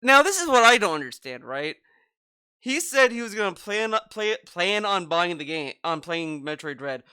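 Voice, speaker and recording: A man's voice: high voice, big pitch swings, normal speed, pushed and bright, smooth, dry recording. A man hosting a reaction commentary video, ranting in a mocking, profane way about a streamer.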